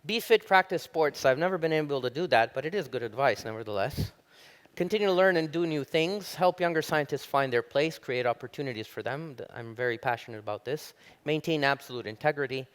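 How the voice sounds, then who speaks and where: A middle-aged man from Italy, giving a public university lecture as an animated storyteller. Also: fairly quick. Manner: animated storyteller, rises high when telling jokes. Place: lecture hall.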